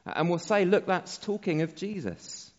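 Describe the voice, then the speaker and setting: A man preaching a sermon as pastor, slow and measured, letting his phrase endings fall soft. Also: sits high, animated. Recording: dull sound with long hall reverb.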